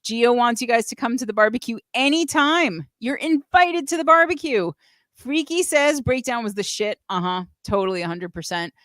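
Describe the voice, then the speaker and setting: Woman host, enthusiastic, swears often, slightly high voice, dry close sound. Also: lively intonation, normal speed, a bit bright, dry recording. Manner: enthusiastic, swears freely, reads chat comments. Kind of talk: casual live show chat.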